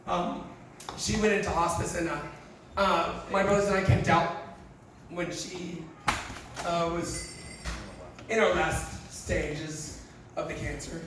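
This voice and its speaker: A man's voice: high-pitched, little pitch movement, slow, pauses often, a bit bright. A man doing stand-up comedy, telling candid, profane and emotional stories to a live audience. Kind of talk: stand-up storytelling. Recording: echoey room, far mic, crowd noise.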